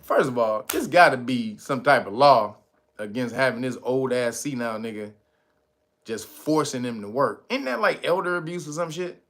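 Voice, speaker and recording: A man's voice: medium pitch, lively intonation, normal speed, fairly bright tone. A man hosting a commentary show, talking about the news in a loose, slangy, joking way and often breaking into laughter. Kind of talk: casual profane news commentary.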